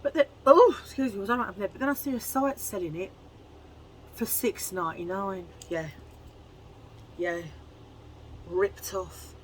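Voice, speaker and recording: A woman chatting casually to camera at home in a chummy way, full of quick asides. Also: mid-range voice, a little hiss or hum, poor audio. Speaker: haul vlogger.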